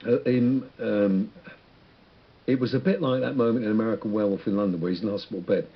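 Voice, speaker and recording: Husky, low-voiced man musing on air. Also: fairly even intonation, fast talker, muffled recording. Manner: rambling, reflective, many restarts. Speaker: musician guest. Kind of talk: radio interview.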